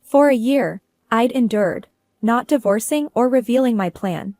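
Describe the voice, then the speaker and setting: A woman's voice: a little high, lively intonation, unhurried, darkish tone, dry recording, studio quality. A woman narrating a first-person drama story in a cool, businesslike manner.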